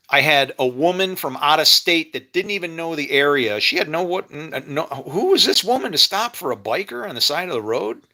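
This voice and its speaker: Bright-voiced man rambling emotionally. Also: on the high side. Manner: rambling, emotional, with frequent laughs and restarts; preachy, talks about faith. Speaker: vlogger. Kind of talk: rambling casual monologue. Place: home kitchen.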